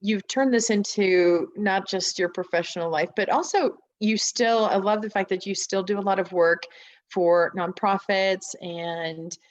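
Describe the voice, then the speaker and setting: A woman hosts an interview, echoing back and reflecting on what her guest has shared. Her voice sits at a mid-range pitch. She speaks at a conversational pace. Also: a little slow. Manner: affirming listener, reflective summaries. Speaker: host.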